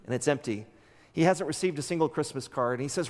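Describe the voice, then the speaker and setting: A man preaching from the pulpit, retelling a story with lively, acted-out lines. His voice sits a little high for a man. The sound carries a long reverb from the large church around him. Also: quick pace. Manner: animated storytelling, acts out characters' lines. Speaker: pastor. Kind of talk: sermon. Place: church sanctuary.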